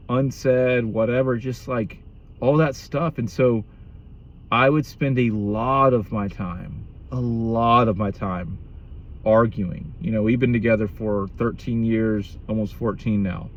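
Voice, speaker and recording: A man's voice: medium pitch, slight background noise. A man in his thirties speaking candidly about marriage in a reflective monologue, blunt and profane, often restarting his sentences.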